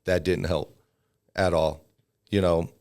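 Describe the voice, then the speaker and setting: A man around forty, an MMA fighter and army veteran, tells relaxed stories as a podcast guest in a low voice at a slow pace. When he quotes people, he acts them out in raised voices.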